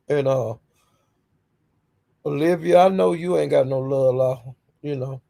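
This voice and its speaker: A woman's voice: deep voice, a little slow, creaky, pauses often, dark tone. A woman hosting a casual livestream, greeting viewers by name and speaking bluntly and defiantly. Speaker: livestream host.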